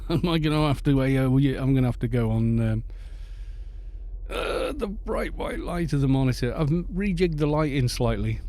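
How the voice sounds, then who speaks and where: Chatty Welsh man, mellow voice. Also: mid-range voice, normal speed. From Wales. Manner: rambling, chatty, reads chat aloud and greets viewers. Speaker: game streamer. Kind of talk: casual live-stream chat while playing.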